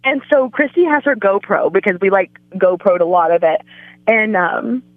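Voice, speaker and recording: A woman's voice: medium pitch, expressive, normal speed, no echo, narrow, tinny audio. A woman guest on a podcast, telling a story in casual chat and acting out the quoted voices.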